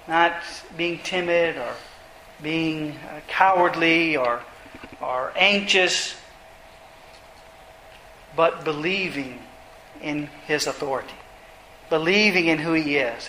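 A man's voice: on the high side, slow pace, bright, forceful tone, slight background noise. A man preaching an expository sermon, retelling scripture passages earnestly and pressing his points with emphasis. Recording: roomy echo.

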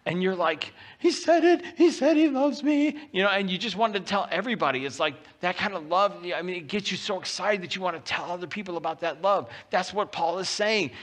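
A man preaching a sermon as pastor, talking in a lively, conversational way and reading scripture aloud with rising intensity. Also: high voice, fast talker, few pauses. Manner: animated and conversational, often acting out quotes.

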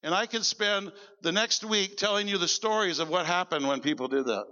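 A man preaching as pastor, telling stories in an animated sermon and quoting people in a lower voice. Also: fairly quick, big-room sound, highs cut off. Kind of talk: sermon storytelling. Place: church service.

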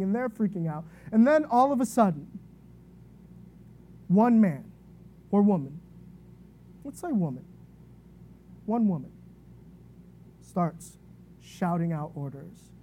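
This is a sermon from a woman whose voice leans high; she keeps it casual and conversational, illustrating with a story and repeatedly tossing in "right?".

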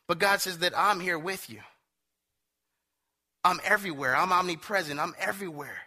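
A man's voice: high-pitched, brisk. A man preaching a sermon in a conversational, storytelling way, often slipping into quotes from others. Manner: conversational storytelling, quoting others in animated asides.

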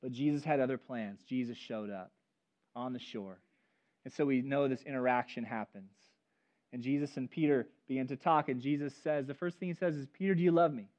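A man preaching a sermon as pastor, telling stories in an animated, conversational way. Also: medium pitch, a little fast. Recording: dull lo-fi recording.

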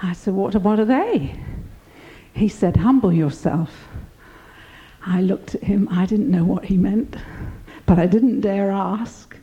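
A woman's voice: mid-range voice, measured pace, dark tone, highs cut off. An older woman giving an earnest, reflective personal testimony of her faith.

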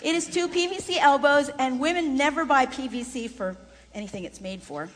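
A woman leading a voice workshop for singers in a chatty, lively way with frequent laughter. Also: high-pitched, fairly quick. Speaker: vocal coach. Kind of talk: voice workshop lesson. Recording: long reverb in a large room.

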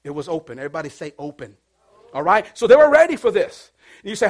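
A man's voice: high voice, lively intonation, fairly quick. A middle-aged pastor preaching a sermon, with playful call-and-response to his congregation.

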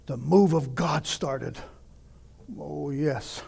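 A middle-aged male pastor preaching a sermon, telling stories and asking questions, dropping to near whispers and rising to shouts. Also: high voice, expressive, a little slow, long pauses. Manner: dramatic, swings from hushed near-whispers to shouting; conversational storytelling with rhetorical questions.

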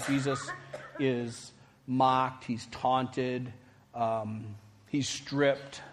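Man preaching a conversational sermon. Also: mid-range voice. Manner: conversational preaching with rising emphasis and sudden quiet drops. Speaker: pastor.

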